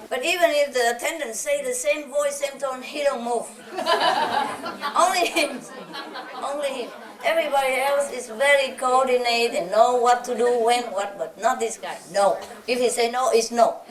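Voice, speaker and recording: A woman with a fairly high voice chats fondly to a gathered audience, chuckling often as she tells her stories. She is picked up from a distance in a roomy hall. The audience laughs along. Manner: chuckles often, playful and fond. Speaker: spiritual teacher speaking to a gathering. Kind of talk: casual anecdotal talk to an audience.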